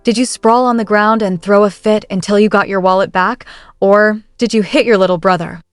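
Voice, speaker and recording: A woman's voice: medium pitch, steady tone, brisk, clean tone, no room sound, clean studio sound, natural voice. A woman voicing a blunt but caring young male duke in a recap story, in her own plain reading voice. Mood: matter-of-fact.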